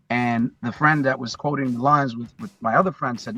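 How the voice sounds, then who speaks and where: Brief: husky male podcast guest, animated storyteller, slightly lo-fi sound. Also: medium pitch, a little fast, soft background music. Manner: animated storyteller, acts out quotes. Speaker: guest, hip-hop intro performer. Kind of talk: casual storytelling interview.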